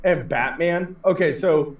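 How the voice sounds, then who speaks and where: A man's voice: a little high, unhurried. A man co-hosting a podcast, laid-back as he steers a casual chat. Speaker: podcast co-host. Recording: roomy, distant and dull lo-fi sound.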